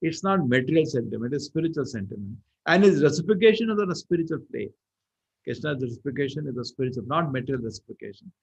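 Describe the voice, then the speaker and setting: A man giving a lively scripture lecture as a temple preacher, telling stories animatedly. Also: medium pitch, quick pace, vocal fry, slightly rough, dry recording. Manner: animated storyteller, acts out quotes. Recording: dull lo-fi recording.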